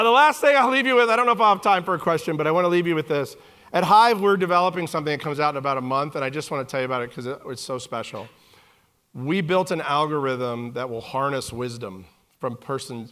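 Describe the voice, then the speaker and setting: A man in his forties giving a live keynote talk on a conference stage, animated and joking with the audience. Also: medium pitch. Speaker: keynote speaker.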